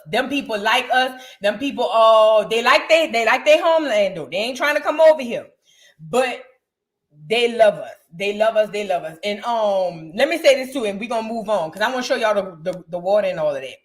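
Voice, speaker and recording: A woman, co-hosting a chat show and telling stories in an animated, slangy way. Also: sits high, normal speed. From United States. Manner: animated, slangy, repeats phrases for emphasis. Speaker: podcast co-host. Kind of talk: casual storytelling chat.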